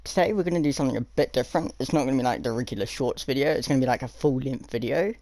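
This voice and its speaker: Talking very fast, a young male storyteller rambles casually about his school days, full of filler words. He animatedly performs each quoted person, his voice leaping high and low. The audio is dry and poor.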